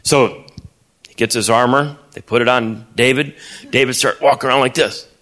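A male preacher delivering a storytelling sermon with a bright, forceful voice. He talks in an animated way, often repeating words as he builds momentum. He slips in and out of character voices. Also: medium pitch, moderate pace.

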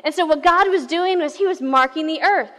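High-voiced woman pastor preaching. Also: brisk. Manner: animated storytelling, shifting pace and volume. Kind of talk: sermon. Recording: reverberant hall.

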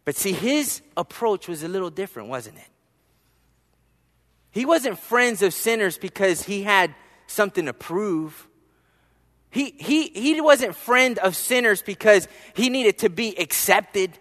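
A high-voiced man gives a sermon, reverb trailing off his words in the hall. He shifts from soft, low asides to loud, emphatic rises as he tells his story. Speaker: pastor.

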